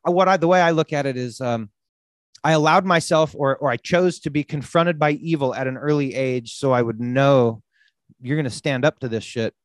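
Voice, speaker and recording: A podcast host telling a story in casual conversation, animated and swearing freely, often saying "dude". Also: male voice, mid-range voice, normal speed, no room sound.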